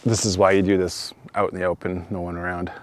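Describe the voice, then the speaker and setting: A man's voice: low voice, level tone, fast talker, very noisy. A man vlogging on his own outdoors, talking himself through a first try at a new instrument, self-deprecating and chuckling as he thinks aloud. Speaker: channel host trying bagpipes. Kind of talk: casual solo vlog. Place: outdoors in the open.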